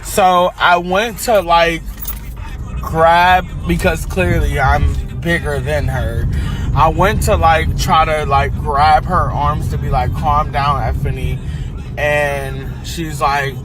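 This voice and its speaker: A man's voice: fairly high pitch, steady tone, slow pace. Man telling a story over music. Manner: hesitant, filler-heavy retelling. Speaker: storyteller recounting a workplace attack. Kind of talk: casual story time.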